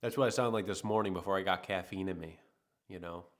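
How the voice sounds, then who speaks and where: A man with a low voice, hosting a casual livestream while a little under the weather. He rambles in an easygoing way and talks straight to his chat. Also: fast talker. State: sick. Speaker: livestream host.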